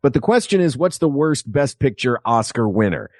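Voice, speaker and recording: A man co-hosting a comedic podcast, arguing precisely over wording in a lively way. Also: mid-range voice, moderate pace, no room sound, clean studio sound. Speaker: podcast co-host.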